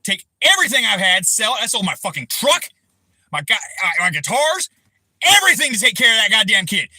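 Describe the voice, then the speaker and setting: A man in his thirties hosting a livestream, ranting angrily and profanely, breaking into shouted bursts. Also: sits high, very animated, a little fast, no echo, poor audio. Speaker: livestream host. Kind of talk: angry personal rant on a livestream.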